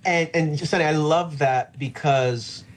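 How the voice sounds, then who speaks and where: A man's voice: a little high, slow pace. A middle-aged male pastor talking in a reflective, earnest way with frequent fillers during an interview. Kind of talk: conversational podcast interview.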